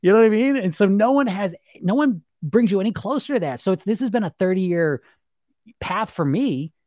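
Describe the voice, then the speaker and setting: A man's voice: high-pitched, lively intonation, brisk, a little mellow, dry recording, studio quality. Emphatic chatty middle-aged man coach. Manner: chatty, emphatic, repeats fillers, swears casually, laughs often. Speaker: weight-loss hypnosis coach. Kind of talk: casual monologue.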